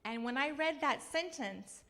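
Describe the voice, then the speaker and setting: A middle-aged woman from Kansas in the US Midwest gives an earnest acceptance speech in a high, expressive, bright voice that sounds pushed. She speaks unhurriedly, telling stories with light touches of humor.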